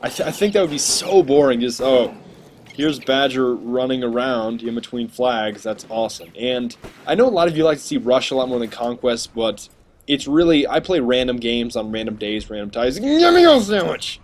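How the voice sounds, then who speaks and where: A man's voice: mid-range voice, normal speed, slight background noise. A man narrating his shooter gameplay in a rambling, sarcastic, joking voice-over. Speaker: gaming commentator.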